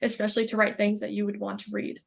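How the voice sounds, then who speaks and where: A young woman chatting as a podcast guest, with a noticeably gravelly, creaky edge on her voice. She talks thoughtfully and pauses often to find her words, in a middle-pitched voice. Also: completely flat delivery. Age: young adult. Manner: thoughtful, searching for words, frequent fillers. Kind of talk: casual chat.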